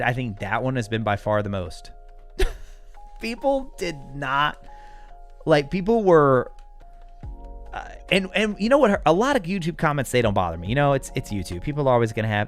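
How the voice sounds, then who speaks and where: Chatty American man on a live stream. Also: medium pitch. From United States. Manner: chatty, answering viewers' comments with frequent chuckles. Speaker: livestream host. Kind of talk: casual live-chat talk.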